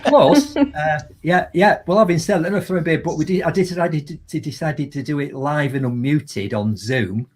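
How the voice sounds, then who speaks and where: A man with a Yorkshire accent, chatting as a guest in a live video call and telling lively, animated anecdotes. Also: a little high, normal speed, few pauses, husky. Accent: Yorkshire English. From Yorkshire, England. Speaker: guest, motivational speaker. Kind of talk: casual storytelling in a live video chat.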